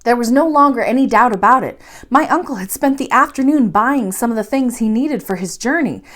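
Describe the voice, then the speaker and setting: A woman reading a bedtime story aloud, narrating in an expressive, measured way. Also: on the high side. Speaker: library storyteller.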